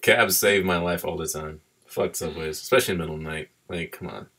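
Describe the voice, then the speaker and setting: A man's voice: sits low, quick pace, sharp tone. A man co-hosting a casual chat, giving blunt, emphatic advice.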